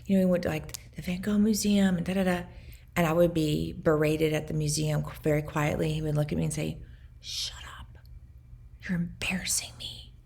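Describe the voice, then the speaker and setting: Low, gravelly-voiced woman journaling. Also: a little mellow. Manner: earnest, reflective, speaks in short halting phrases. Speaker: vlogger recounting her past. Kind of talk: personal video journal.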